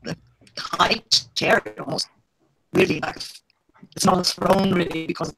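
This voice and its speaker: A woman player describing a scene in a tabletop game, pausing and rephrasing as she goes. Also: lowish voice, steady tone, gravelly, a bit bright, no room sound, low-quality recording. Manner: hesitant, descriptive.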